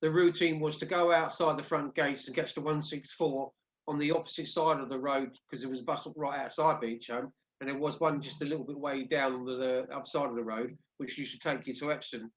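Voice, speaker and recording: A man's voice: mid-range voice, fairly even intonation, a little fast. A man hosting a casual discussion show, talking conversationally with frequent restarts. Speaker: host. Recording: dull lo-fi audio.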